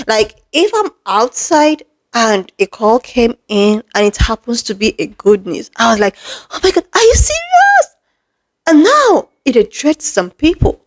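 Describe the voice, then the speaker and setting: A woman's voice: a little high, low-quality recording. A woman vlogger giving heated commentary to camera, firing off emphatic rhetorical questions and calling her viewers "lovelies". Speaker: commentary creator.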